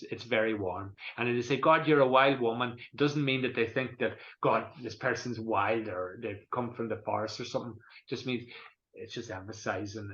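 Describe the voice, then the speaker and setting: An Irishman from Donegal chats his way through an online talk, wandering off and restarting sentences as he goes. His voice sits at an ordinary middle pitch and comes over a video call. The sound is roomy and somewhat dull. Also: a bit bright. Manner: rambling, chatty, frequent restarts. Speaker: guest presenter. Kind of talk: online cultural presentation.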